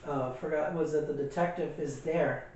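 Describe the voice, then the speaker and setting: A man's voice: on the high side, fairly even intonation, normal speed, a little mellow, far from the mic, lo-fi sound, slight background noise. Rambling man recapping in a roomy echo. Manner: rambling recap with many fillers and restarts. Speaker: podcast co-host. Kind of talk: casual movie review chat.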